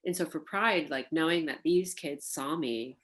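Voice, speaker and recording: Low-voiced woman telling her story. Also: normal speed. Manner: animated, laughing, acts out quoted voices, many fillers. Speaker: burlesque performer interviewed for an oral history. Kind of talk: reflective interview storytelling.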